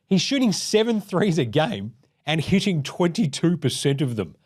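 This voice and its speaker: A man's voice: a little high, sing-song, moderate pace, darkish tone, husky. A young man hosting a basketball show, rambling and swearing as he acts out players in silly voices. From Australia. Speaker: basketball podcast host. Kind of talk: casual sports commentary.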